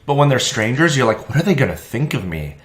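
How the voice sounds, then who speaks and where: A young man co-hosting a podcast in casual chat, telling stories with lively energy and acting out the people in them. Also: mid-range voice, fast talker. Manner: animated storyteller, acts out quoted voices. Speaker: podcast co-host. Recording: roomy echo.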